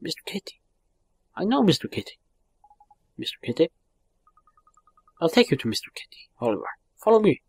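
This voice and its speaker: A man's voice: on the high side, sing-song, a little fast, pauses often, darkish tone, slightly rough, no echo, voice pushed up, full character voice. A man voicing a small, playful and mysterious female fairy. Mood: coy.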